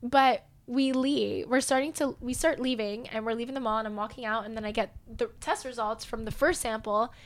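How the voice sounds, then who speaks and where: A young woman telling a personal story in casual chat, animated and growing loud and emotional at the tense parts. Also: a little high, fairly quick, few pauses.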